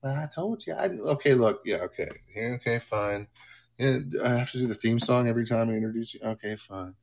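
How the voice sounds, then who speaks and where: A man hosting a livestream, chatting casually in a rambling, excitable way and swearing freely. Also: medium pitch, fairly quick, creaky. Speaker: livestream host.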